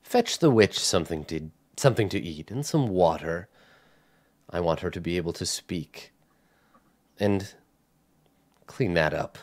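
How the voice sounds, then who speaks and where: A man voicing a stern female religious jailer, speaking slowly, quietly and formally in a tabletop game. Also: sits low, expressive, no room sound, pitched below the performer's own voice. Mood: commanding. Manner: slow, hushed, cold and formal.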